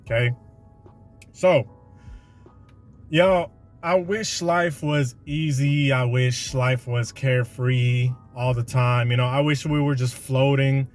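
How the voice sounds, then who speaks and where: A man's voice: medium pitch, steady tone, slow pace, soft background music. A man hosting a podcast, delivering a slangy, conversational motivational monologue with a preachy edge. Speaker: podcast host.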